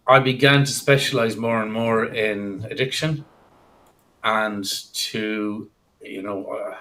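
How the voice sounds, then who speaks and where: A man's voice: lowish voice, a bit bright, poor audio. A man answering questions as an interview guest, speaking in a reflective, thoughtful way. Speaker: guest hypnotherapist.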